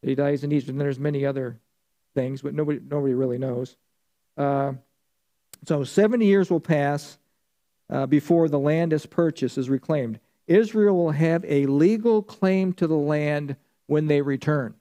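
Man, Bible study teacher, slightly high, mellow voice, conversational, quizzes the class. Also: moderate pace. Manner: conversational teaching, asks the class questions and answers them. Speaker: pastor. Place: church.

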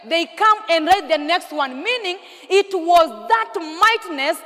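A woman pastor, preaching a sermon with call-and-response questions and sudden shouted bursts. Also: extremely high pitch, lively intonation, a little slow, big-room sound. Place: large church hall.

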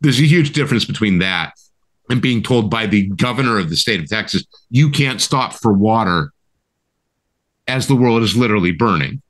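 Impassioned man ranting, lively pitch. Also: quick pace. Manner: heated, emphatic, profane, repeats "right?". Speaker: co-host. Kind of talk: impassioned podcast rant.

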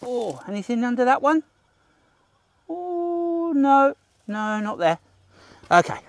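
Guiding kids on a livestreamed nature walk outdoors, this Australian man speaks straight to the audience with enthusiasm, cracking jokes and gasping at what he finds. His pitch is extremely high and very animated, yet he takes it slowly, with no echo.

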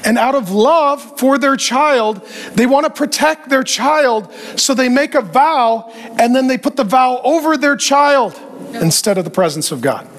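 A man preaching a sermon as a pastor, animated and joking, and acting out the voices he quotes. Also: very high-pitched, unhurried.

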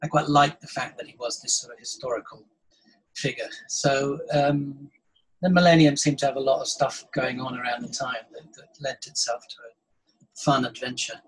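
A man's voice: medium pitch, steady tone, moderate pace, slightly rough, rough recording. A man speaking as a writer guest in a casual interview, wry and thoughtful with some hesitations. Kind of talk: casual chat.

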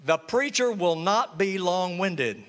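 Animated, bright-voiced preacher man. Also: sits high, slow. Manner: lively call-and-response preaching with humor. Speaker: pastor. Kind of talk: sermon. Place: church sanctuary. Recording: reverberant church hall.

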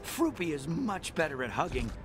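A woman's voice: low voice, very animated, moderate pace. A woman voicing a jittery, grateful little male alien doctor in a video game, talking in a frantic, gushing way. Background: game music.

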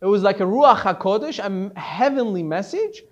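Brief: a male rabbi in a class, telling a story casually, with a lively, expressive pitch. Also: moderate pace, dull audio. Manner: conversational, animated storytelling.

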